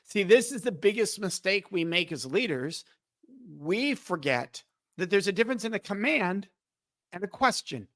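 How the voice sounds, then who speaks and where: A man's voice: sits high, sing-song, moderate pace, fairly bright tone, no echo. A middle-aged man and podcast guest, explaining emphatically and acting out quoted dialogue in conversation. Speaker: podcast guest, speaker on respect.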